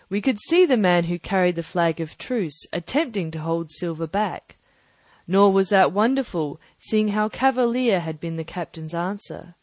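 A woman narrating a classic adventure novel aloud, measured and even. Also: medium pitch, no room sound. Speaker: audiobook narrator. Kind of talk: scripted narration.

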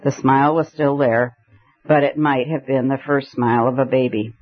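A man narrating a novel in measured storytelling. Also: mid-range voice, flat delivery. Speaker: audiobook narrator. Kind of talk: scripted narration. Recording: dull lo-fi recording.

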